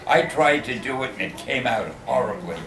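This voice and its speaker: An older man, guest of honor at a fan Q&A in a convention event room, tells wry, self-mocking stories for laughs. His medium-pitched voice is lively in intonation and fairly quick. The room is echoey and the crowd is loud.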